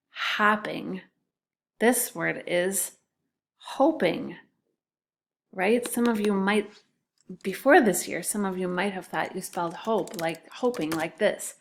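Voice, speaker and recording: Unhurried woman teacher, patient, breaks words into syllables for young spellers. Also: medium pitch, gravelly. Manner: slow, patient, sounding out syllables. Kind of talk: spelling lesson for children.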